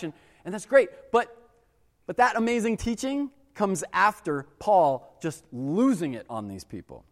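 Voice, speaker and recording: A man giving a casual, conversational sermon as a pastor, animated and acting out exasperated voices. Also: high voice, long reverb tail.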